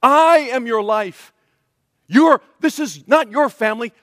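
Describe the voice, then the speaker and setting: A gentle, pleading divine figure speaks softly and tenderly, as a preacher puts him on. The voice sits high and close to the mic, and a long hall reverb lingers behind it. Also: male voice, unhurried. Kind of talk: sermon.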